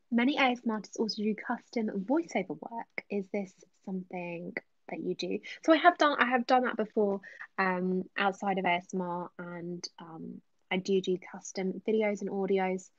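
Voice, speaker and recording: Soft-spoken woman, chatty and whispery. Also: medium pitch, normal speed, no echo, highs cut off. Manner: chatty, many ums, drifts into whispers. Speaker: ASMR creator answering live chat. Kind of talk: casual live stream Q&A, soft-spoken with whispers.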